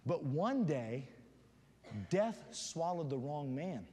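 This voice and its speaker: A man preaching a sermon as a guest speaker, building up to loud fervent shouting. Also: a little high, sing-song, slow, crowd noise. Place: church sanctuary. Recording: church hall reverb.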